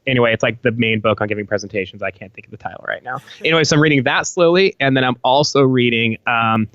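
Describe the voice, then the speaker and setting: A man's voice: mid-range voice, quick pace, fairly bright tone, no echo. Laid-back rambling man, muffled audio. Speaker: podcast guest, apparel company founder. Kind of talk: casual podcast chat.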